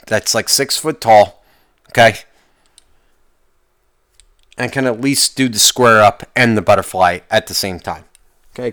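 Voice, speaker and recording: A man's voice: lowish voice, fairly bright tone, no echo, studio quality. A man hosting a solo podcast, rambling and complaining in a profane, exasperated way, often restarting his sentences. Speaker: podcast host.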